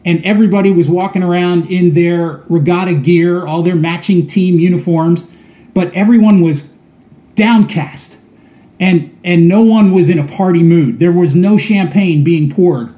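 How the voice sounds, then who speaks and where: High, warm-voiced preacher in an echoey room. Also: male voice, unhurried. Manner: storytelling, earnest, with frequent repeated words. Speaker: pastor. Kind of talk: sermon.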